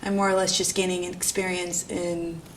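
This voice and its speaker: Young new girl, art student, jokey and sweary, laughs a lot, bit of low rumble in the background. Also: flat delivery, moderate pace. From New York. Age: young adult. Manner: irreverent, self-mocking, laughs often, swears casually. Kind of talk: candid documentary interview.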